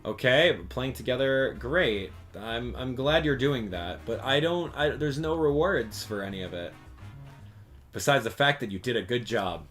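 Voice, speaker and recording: A man's voice: medium pitch, animated, unhurried, a bit bright, soft background music. A man giving chatty, family-friendly gameplay commentary, reading the game's text aloud and reacting as he plays. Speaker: video game commentator.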